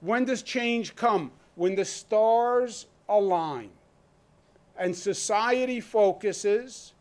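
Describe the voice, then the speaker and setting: A man speaks at a press conference in a fairly high voice. He argues emphatically and keeps asking rhetorical questions, like a governor addressing the public. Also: expressive, extremely slow. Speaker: state governor. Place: press room.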